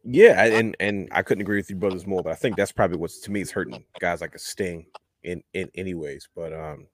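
A man's voice: deep voice, a little fast, no room sound. A man hosting a podcast in a casual, rambling chat, calling listeners brother. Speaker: podcast host.

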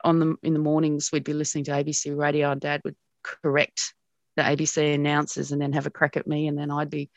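A middle-aged Australian woman, a broadcast journalist, telling stories about her past in an animated way with frequent laughs. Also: low-pitched, dry recording. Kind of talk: reminiscing in an interview.

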